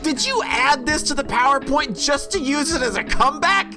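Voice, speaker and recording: A man's voice: very high voice, expressive, moderate pace, over music, pitched above the performer's own voice. A man voicing an uptight, pedantic teenage schoolgirl in a visual novel, sounding indignant and exasperated.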